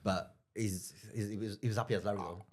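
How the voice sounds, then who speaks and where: Fast-talking male comedian telling a story. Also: fairly low pitch. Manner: rapid, animated anecdote-telling with swearing and laughter. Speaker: podcast guest. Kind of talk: casual chat, storytelling.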